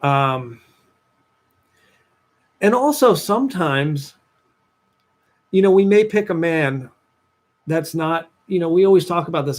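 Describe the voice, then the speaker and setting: A young man, a dating coach talking to viewers on a livestream, telling a personal story with lively voiced-out asides. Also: slow pace, pauses often. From New Jersey, USA. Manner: animated storytelling, acts out his past self in a higher voice.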